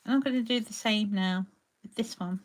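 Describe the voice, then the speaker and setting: A woman's voice: mid-range voice, fairly quick. A woman hosting a live crafting tutorial, chatting along and greeting viewers by name as she paints. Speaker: crafting demonstrator.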